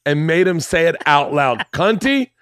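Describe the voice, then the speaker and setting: Swearing, animated male podcast host. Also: mid-range voice, moderate pace, dry recording. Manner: animated storyteller, swears freely, acts out voices. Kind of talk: casual storytelling chat.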